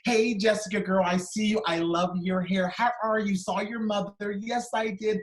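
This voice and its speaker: A man voicing a warm, doting female schoolteacher who gushes over her pupils, in an echoey hall. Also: a little high, moderate pace, natural voice. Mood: gushing, cheerful. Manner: gushing and affectionate with the children.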